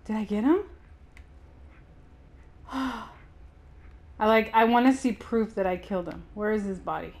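A woman giving anxious let's-play commentary, yelping and shouting at enemies. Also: mid-range voice, steady tone, a little slow, long pauses. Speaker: gaming streamer.

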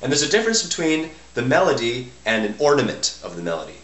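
A man teaching violin, explaining musical phrasing in a halting way and often restarting his sentences. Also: mid-range voice, sing-song, over loud music. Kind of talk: instructional explanation between playing. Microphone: camera mic. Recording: echoey room with violin playing.

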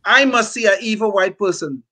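Older man, political commentary, high pitch, bright tone, emphatic, restarts often. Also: moderate pace. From California. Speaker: podcast co-host.

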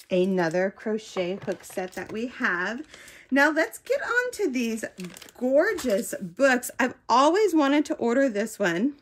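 A woman hosting a crochet unboxing vlog in casual chat, gushing and excitable, often breaking off mid-sentence. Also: mid-range voice, a little hiss or hum. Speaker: crochet channel host.

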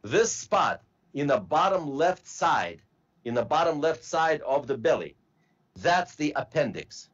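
Guy teaching a class, slow and patient, voice goes up and down a lot, kinda muffled recording. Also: fairly high pitch, sing-song, fairly bright tone. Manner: slow, patient, spells out word parts. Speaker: medical terminology instructor. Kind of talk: classroom lecture.

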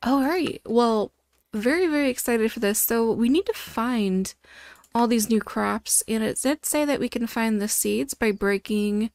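A woman hosting a gaming video, chatting through her gameplay with bubbly excitement and frequent delighted gasps. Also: fairly high pitch, unhurried, dry recording, studio quality.

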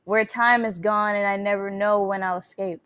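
A woman reading out the lines of an eerie self-aware girl from a computer game, in a soft, low, measured voice. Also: fairly even intonation, clean tone, dry recording, close to an everyday voice. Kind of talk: reading game dialogue aloud.

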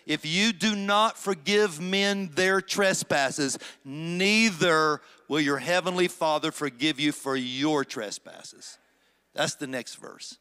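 A middle-aged man, a pastor, preaching a sermon with dramatic slow phrases and rising emphasis. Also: a little high, bright, forceful tone, clear, resonant tone.

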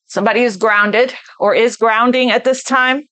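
A woman with a somewhat high voice talks her way through a tarot spread off the cuff. She speaks earnestly, as if passing on messages she senses, and repeats words to press her point. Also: fairly even intonation, moderate pace, pushed and bright. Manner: repeats phrases for emphasis. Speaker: tarot reader. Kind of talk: spontaneous tarot card reading.

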